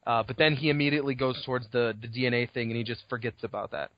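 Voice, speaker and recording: A man's voice: mid-range voice, fairly even intonation, racing, no room sound. A man co-hosting a podcast, casually recapping a novel chapter with lots of swearing and acted-out lines. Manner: rambling recap, swearing, acts out characters' lines. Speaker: podcast co-host. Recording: dull lo-fi home recording.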